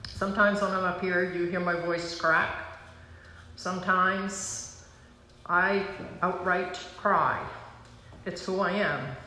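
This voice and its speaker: A woman pastor giving an earnest, emotional personal testimony from the pulpit, slow and pausing. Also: lowish voice, fairly even intonation, bright, forceful tone, slight background noise. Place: church sanctuary. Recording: roomy church hall sound.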